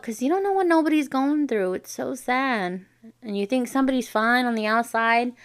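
A young woman hosting a podcast, talking openly and warmly straight to her listeners in a casual monologue. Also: medium pitch, clean tone. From Navajo Nation. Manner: candid, heartfelt, talks straight to listeners. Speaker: podcast host.

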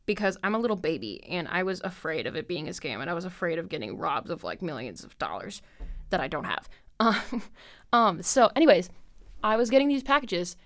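A woman's voice: fairly low pitch, animated, fairly quick. A woman in her twenties hosting a podcast, rambling in casual chat with lots of fillers and frequent laughs. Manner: chatty and scattered, heavy with fillers and frequent laughs. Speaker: podcast host.

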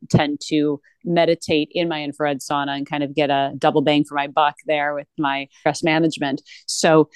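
A woman's voice: low voice, dry recording. A woman guest talking earnestly in a conversational interview, with frequent restarts. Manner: earnest, animated, with many restarts.

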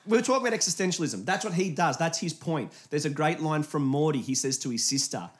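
A man's voice: a little high, animated, fast talker. A young man in casual chat, joking and laid-back, swearing now and then.

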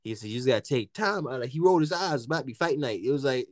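A young man from the United States telling a story in casual chat, animated and profane, often laughing. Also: mid-range voice, racing, few pauses, dry recording, studio quality.

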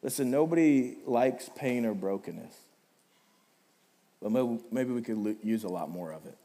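A man's voice: medium pitch, lively intonation, moderate pace, dark tone, big-room sound. A man preaching a sermon as pastor. He talks in a conversational way and puts direct questions to the congregation. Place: church hall.

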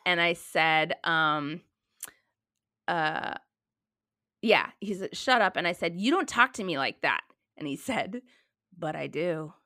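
A woman in her thirties in casual chat, telling a story with lively quoted dialogue. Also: low voice, takes it slowly, long pauses, no room sound, clean studio sound.

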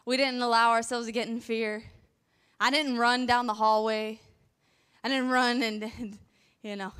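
Young woman preacher, high clear voice, animated storyteller. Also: a little slow, long pauses. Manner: animated, acts out frantic praying and stories. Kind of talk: sermon.

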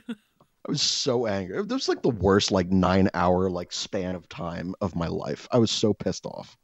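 A lower-voiced man tells a story in casual conversation, swearing freely and swinging his pitch up and down as he gets worked up. The sound is dry and a little dull, as if recorded with a muffled mic. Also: moderate pace, no room sound. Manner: profane, animated, exasperated storytelling.

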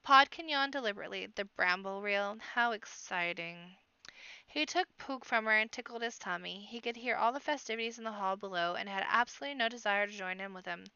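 A woman reading a children's fantasy book aloud in an expressive amateur audiobook narration, now and then correcting herself. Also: medium pitch, quick pace, hardly any pauses, clear, resonant tone, no echo, dull audio. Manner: expressive reading with character voices and occasional self-corrections. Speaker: audiobook reader.

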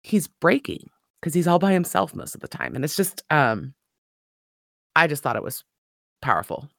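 A woman's voice: sits low, sing-song, normal speed, gravelly, a bit bright, no echo, studio quality. A woman co-hosting a book podcast, talking casually and enthusiastically about a story, laughing often. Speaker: podcast co-host.

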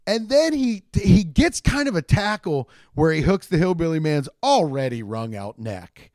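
Rambling, animated young man telling a story. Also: on the high side, moderate pace, no room sound, studio quality. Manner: rambling and animated, acts out shouted quotes. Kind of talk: profane comedic storytelling.

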